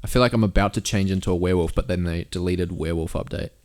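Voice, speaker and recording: Brief: young guy, lowish voice, crude storyteller who swears a lot. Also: fairly even intonation, rapid-fire. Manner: swears a lot, acts out quotes in a high shouty voice. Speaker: podcast co-host.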